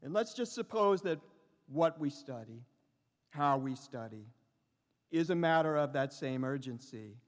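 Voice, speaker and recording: A middle-aged man giving a lecture as a professor, speaking slowly and reflectively with lyrical repetitions and pauses. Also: medium pitch, lively intonation. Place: large lecture hall. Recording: long reverb of a large hall.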